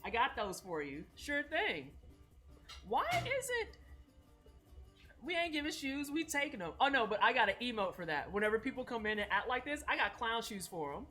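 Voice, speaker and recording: Woman streamer chatting while baking, bright lively voice, swears a lot, faint music behind. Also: on the high side, normal speed. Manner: animated, swears freely, slangy. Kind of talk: casual chat while baking on a livestream.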